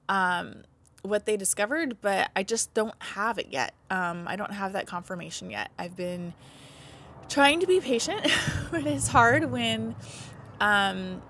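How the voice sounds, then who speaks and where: A woman's voice: medium pitch, fairly bright tone, slight background noise. A woman in her thirties, a mother vlogging to camera, talking in a heartfelt way, close to tears and laughing through her nerves. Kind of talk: emotional casual vlog to camera.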